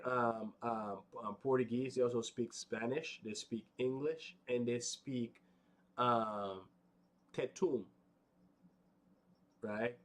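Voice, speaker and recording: Rambling man giving a tour. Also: on the low side. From United States. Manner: rambling, conversational, many fillers and tag questions. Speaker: vlogger. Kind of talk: casual walking tour narration. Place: outdoors on a windy mountaintop.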